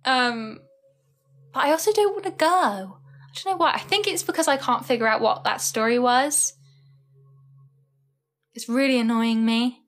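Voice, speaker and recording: A tired young woman talks to her live stream viewers in a loose, rambling way, with "like" in nearly every phrase. Her voice sits a little high for a woman and swings up sharply when she thanks people. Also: normal speed, long pauses, a bit bright. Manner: rambling, chatty, frequent "like" fillers. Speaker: livestreamer. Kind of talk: casual live-stream chat.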